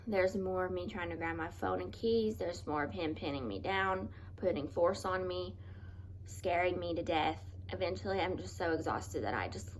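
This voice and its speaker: A woman vlogger telling a personal story in an earnest, halting, confessional way, often restarting her sentences. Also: fairly low pitch, slight background noise.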